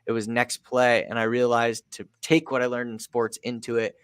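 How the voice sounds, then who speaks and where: Energetic man telling a story, dry sound. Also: medium pitch, moderate pace, smooth, dry recording. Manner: energetic, emphatic, acts out a coach's pep talk. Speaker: podcast guest, sales coach. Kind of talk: storytelling in an interview.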